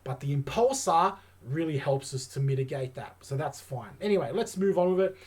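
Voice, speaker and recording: A man breaks down tabletop game rules in an easygoing, excited way, often pausing on "um" and "you know" as he works things out. His voice sits a little higher than most men's. It sounds like a relaxed hobby channel host chatting to viewers. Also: slightly rough. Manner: enthusiastic, chatty, thinks aloud with many fillers.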